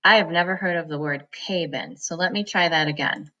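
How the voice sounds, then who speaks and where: A woman teaching a reading lesson, sounding out words slowly, syllable by syllable, for students. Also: lowish voice, pushed and bright, lo-fi sound. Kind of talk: phonics lesson.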